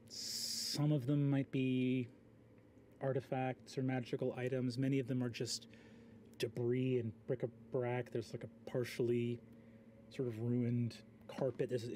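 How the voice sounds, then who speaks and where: Guy game master describing a scene, mid-pitched, relaxed. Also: a little hiss or hum. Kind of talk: narrating a tabletop game.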